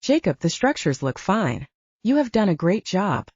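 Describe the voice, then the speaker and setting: A woman's voice: mid-range voice, very animated, moderate pace, a little mellow, breathy edge, no room sound, muffled recording. Woman voicing a wry young hero.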